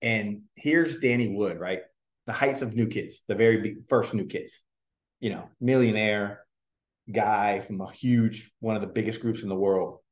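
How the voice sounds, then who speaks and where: A man in an interview telling casual stories about his music career, rambling with restarts and the odd swear. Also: lowish voice. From Orlando. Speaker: guest, former boy band member.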